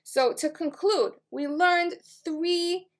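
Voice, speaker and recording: A woman's voice: extremely high pitch, takes it slowly. A woman teacher and life coach giving a Torah lesson on a psalm, earnest and conversational, with casual fillers.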